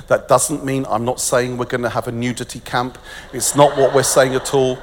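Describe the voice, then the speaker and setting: Emphatic preacher in a reverberant hall. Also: male voice, medium pitch, fairly even intonation, moderate pace, slight background noise. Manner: emphatic and jokey, turning hushed and tender. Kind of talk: energetic festival sermon. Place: large festival venue with long reverb.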